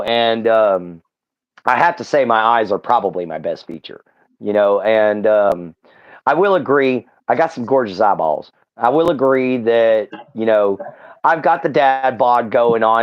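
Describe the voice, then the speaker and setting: A man's voice: medium pitch, dull audio. A man with a Southern Texan accent, talking as a livestream guest in casual chat, earnest and rambling with fillers and restarts. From Southeast Texas.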